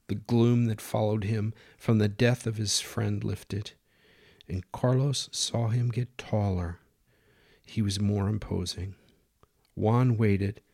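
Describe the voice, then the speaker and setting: A man narrating a dramatic story in steady, plain reading. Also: lowish voice, slow pace, creaky, husky, dry recording, studio quality.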